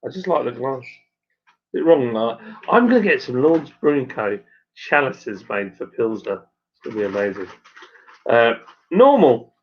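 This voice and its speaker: A man with a broad Suffolk accent, hosting a relaxed live stream at home and reading out viewer comments in a rambling, matey way with plenty of fillers. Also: mid-range voice, a little slow, slight background noise. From Suffolk, England. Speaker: stream host and brewer. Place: at home by the fire. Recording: dull lo-fi sound.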